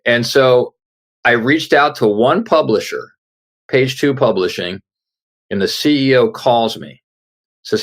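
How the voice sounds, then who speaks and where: With a medium-pitched voice, an unhurried pace, and long pauses, a middle-aged author tells a personal story as a guest on an interview show. He's an earnest storyteller who acts out the dialogue of the people involved.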